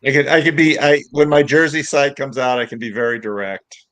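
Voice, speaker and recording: Measured man on a call. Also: mid-range voice, fairly even intonation, fairly bright tone. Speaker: pastor, guest. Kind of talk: casual chat.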